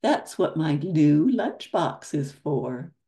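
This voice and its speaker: A woman reading aloud as a cheerful young boy who leads his friends at play, in her own slow, gravelly storybook voice. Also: low-pitched, big pitch swings, mellow, exaggerated voice.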